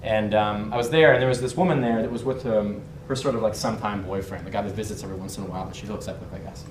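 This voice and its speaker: The speaker is a young adult man who instructs on body language and dating, here racing through a brash, candid story full of swearing and laughter. His pitch is fairly low and his tone steady. Background noise is present, and the distant mic captures a roomy space.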